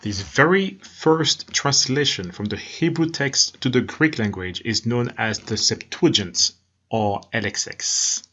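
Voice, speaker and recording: A man giving scripted documentary narration in a measured, explanatory reading. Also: mid-range voice, animated, sharp tone, slightly rough. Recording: muffled narration over faint music.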